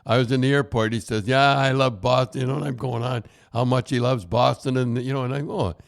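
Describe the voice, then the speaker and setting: An older man chats on a podcast, wandering from one story to the next. His talk is loose and conversational, full of false starts and restarts, in a middle-pitched voice. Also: fairly even intonation, fast talker, creaky. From Canada. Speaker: podcast host. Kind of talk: casual chat.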